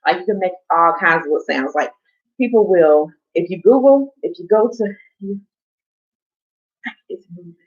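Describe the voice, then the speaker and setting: A woman hosts a casual livestream from home, rambling, chatting with viewers, and swearing casually. Her lowish voice is animated at normal speed with long pauses, and the stream audio is dull and lo-fi.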